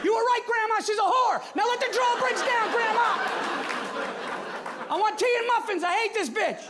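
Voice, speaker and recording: A comedian voicing a half-drunk young royal man who shouts and pleads with his grandmother to be let back in. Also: very high-pitched, moderate pace, a loud crowd, voice pushed up. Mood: drunk pleading. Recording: live audience laughter and room noise.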